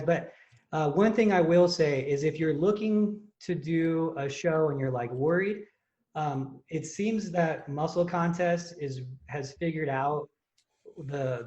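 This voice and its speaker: Podcast host, male, young adult, fairly high voice, animated and rambling. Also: highs cut off. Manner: animated storytelling, many fillers and restarts. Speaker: podcast host and contest prep coach. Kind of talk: casual chat.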